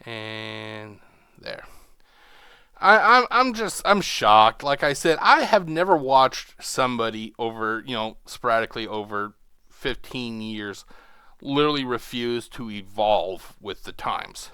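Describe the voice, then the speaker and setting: A man's voice: medium pitch, lively intonation, unhurried, sharp tone, smooth, no room sound, studio quality. A man hosting a reaction video, ranting with profanity and sarcasm. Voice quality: mocking, sarcastic.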